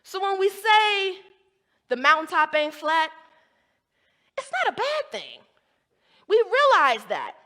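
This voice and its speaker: A woman's voice: extremely high pitch, wildly swooping pitch, slow, long pauses, sharp tone. A woman from the American South, giving an emphatic academic talk with rhetorical asides. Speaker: guest lecturer. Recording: long hall reverb.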